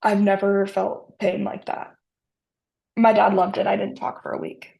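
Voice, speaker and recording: Podcast guest, woman in her thirties, gravelly voice, deadpan humor in casual anecdotes. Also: mid-range voice, measured pace. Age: 30s. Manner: dry humor, animated retelling. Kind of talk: casual storytelling.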